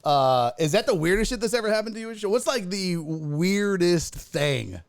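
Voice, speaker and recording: A man's voice: high-pitched, animated, moderate pace, no echo, clean studio sound. A man hosting a casual livestream interview, reacting to stories with laughter and exclamations. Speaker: host.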